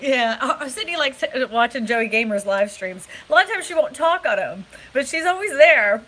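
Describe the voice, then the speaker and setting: In a rough phone-camera recording, a woman real estate agent live streams casually from her hotel room, giggly and rambling. She speaks at a moderate pace in a high, animated voice with a fairly bright tone.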